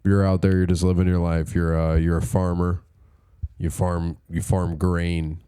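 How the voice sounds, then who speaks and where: A man's voice: deep voice, little pitch movement, measured pace, dark tone, clear, resonant tone. A young man co-hosting a casual podcast, spinning a rambling, joking story and acting out bits with a laugh. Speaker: podcast co-host. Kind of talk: casual chat.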